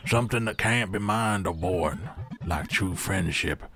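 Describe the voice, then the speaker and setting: A man's voice: low-pitched, unhurried, a crowd in the background. A man voicing a drawling raccoon prospector. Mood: folksy. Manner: old-timey drawl, says "partner" and "reckon". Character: folksy male raccoon prospector, dreamy and wistful. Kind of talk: AI-voiced game character.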